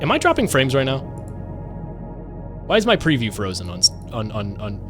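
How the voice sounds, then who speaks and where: Young man, game streamer, rambling jokey chat, slightly high-pitched, desk mic with music playing faintly behind. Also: huge pitch swings, normal speed, pauses often, fairly bright tone. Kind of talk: casual live-stream chat.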